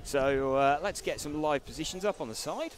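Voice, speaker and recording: A man's voice: fairly high pitch, normal speed. A man commentating a live race, dry and matter-of-fact, reading out driver lists and describing the track.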